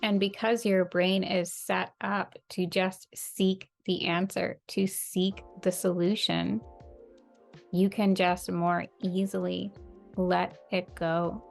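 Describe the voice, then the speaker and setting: A woman coaching listeners on manifestation in an earnest, measured way, repeating key phrases for emphasis. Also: on the low side, little pitch movement, creaky, soft background music. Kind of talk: slow, calm motivational talk.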